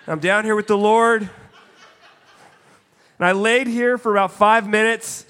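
A guest preacher speaks from the pulpit of a church sanctuary in a slightly high, bright, forward voice at normal speed, pausing often. He animatedly acts out his own story with loud exclaimed quotes, then drops to a soft, hushed delivery for reflective points, while the large hall's long reverb trails every phrase.

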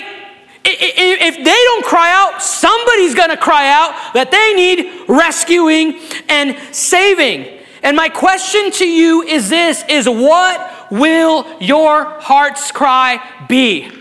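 A man, a pastor, delivering an impassioned sermon to a live congregation, building up to shouts and often restarting phrases. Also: very high voice, in a large hall. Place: church sanctuary with a live congregation.

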